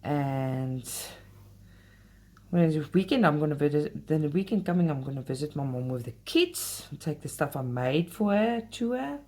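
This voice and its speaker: Lower-voiced woman chatting. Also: expressive, moderate pace, dark tone. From South Africa. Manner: talkative, heated when complaining, speaks straight to viewers. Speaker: cross-stitch channel host. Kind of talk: casual chatty craft vlog.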